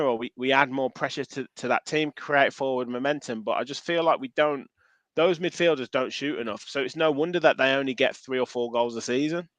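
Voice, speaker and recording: In a recording free of room sound, a man with a mid-range voice co-hosts a football podcast. He chats in a casual, animated way, frequently starting sentences over and reading out comments from viewers.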